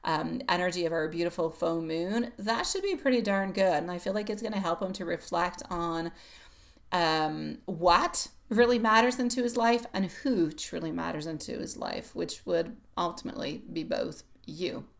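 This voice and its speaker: A woman's voice: lowish voice, moderate pace, gravelly. A middle-aged woman giving a live-stream tarot reading, chatty and affectionate, laughing often as she greets viewers. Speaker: tarot reader.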